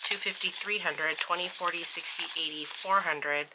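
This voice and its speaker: A woman with a slightly low voice talks through her budget in a casual vlog, counting bills aloud and poking fun at her own slips. A loud background noise runs under the recording. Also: normal speed. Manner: chatty, self-deprecating, laughs at her own slips; steady murmured counting of bills. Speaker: budgeting vlogger.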